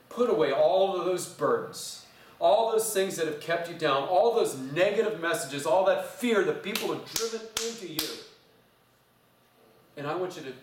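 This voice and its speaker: Earnest pastor in an echoing church. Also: male voice, fairly high pitch, a little hiss or hum. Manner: earnest and storytelling, drops to a soft intimate hush. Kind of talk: sermon. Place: church sanctuary. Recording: roomy church sound, mic at a distance.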